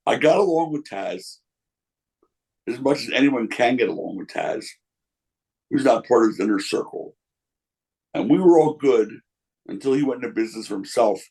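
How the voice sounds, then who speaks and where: A man's voice: medium pitch, expressive, normal speed, creaky, long pauses, a little mellow, husky, rough recording. An older man, a former wrestling promoter, answering interview questions with candid anecdotes and quoting people along the way. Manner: candid, anecdotal, quotes others in voices.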